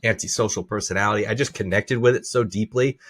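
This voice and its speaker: A man co-hosting a casual podcast from home, who laughs a lot and gets animated while retelling jokes. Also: lowish voice, fast. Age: adult parent. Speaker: podcast co-host. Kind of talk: casual chat. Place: home room. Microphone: camera and mic at home.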